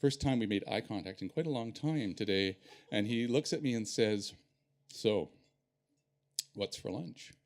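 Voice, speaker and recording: Animated man telling a personal story. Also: on the low side, moderate pace. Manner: animated, self-deprecating, vivid.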